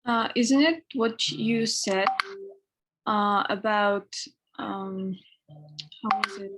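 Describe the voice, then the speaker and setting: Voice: medium pitch, very slow, background noise. A student answering a teacher's question hesitantly, with many fillers.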